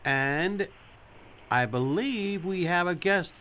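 A man's voice: high voice, animated, takes it slowly, sharp tone, slight background noise. A man hosting a live radio talk show, earnest and repeating his points for emphasis.

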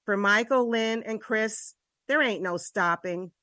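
A woman's voice: medium pitch, unhurried, pushed and bright, dry recording, studio quality. A woman with a New York accent, a radio co-host reading a listener's poem in an upbeat, rhythmic way.

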